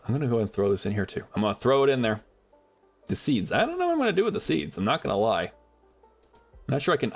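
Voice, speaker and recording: A man streaming a survival game, chatting loosely with viewers and talking to items in the game, in a rambling, chatty way. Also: medium pitch. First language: English is his only language. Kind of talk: casual gameplay commentary.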